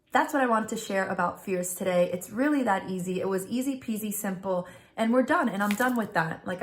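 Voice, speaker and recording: A middle-aged woman telling personal stories in a chatty, earnest vlog, addressing viewers directly as "you guys". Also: mid-range voice. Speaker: spiritual influencer, vlogger. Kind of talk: casual direct-to-camera storytelling.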